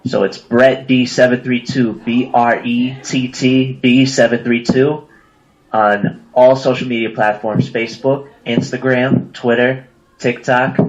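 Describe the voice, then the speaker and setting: Easygoing man on a dull lo-fi mic. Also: on the low side. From New Jersey. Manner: easygoing, lists plugs quickly. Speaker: rapper guest. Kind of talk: casual interview chat.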